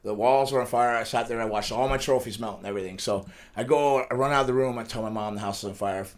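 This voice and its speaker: Talking fast in a medium-pitched voice, a middle-aged man who wrestles recounts rambling episodes from his life. The setting is a casual studio interview, and he keeps laughing as he goes.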